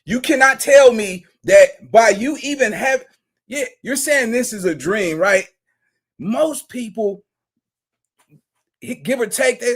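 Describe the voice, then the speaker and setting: A man hosting a commentary show, reacting to a clip in an animated, exclamatory, slangy way. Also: very high voice, normal speed, husky.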